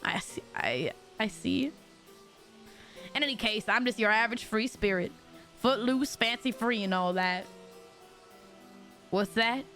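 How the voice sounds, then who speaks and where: A woman's voice: a little high, unhurried, pauses often, fairly bright tone, soft background music. A woman voicing a flamboyant, pompous male fantasy writer in a fake Southern drawl, reading game dialogue aloud. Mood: theatrical. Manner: theatrical, grandiose.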